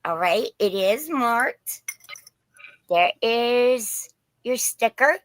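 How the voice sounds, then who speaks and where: A woman's voice: on the high side, lively intonation, drawn-out words, no room sound. A woman from Southern Indiana with a mixed Indiana and Pennsylvania accent, hosting a casual live-stream sale of vintage glass in a chatty, folksy, rambling way. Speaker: host selling vintage glass.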